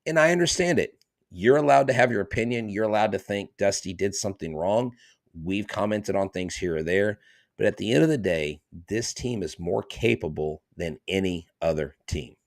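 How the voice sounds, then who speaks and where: Man, low voice, dry close sound, emphatic podcast co-host. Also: normal speed, no echo. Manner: emphatic, animated storytelling. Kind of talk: casual sports chat.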